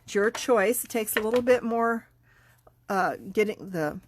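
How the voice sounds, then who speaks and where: Congested middle-aged woman, unhurried and chatty, craft tutorial host. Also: mid-range voice, a little hiss or hum. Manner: chatty, unhurried, talks while working. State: congested, sniffling. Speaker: card-making class teacher.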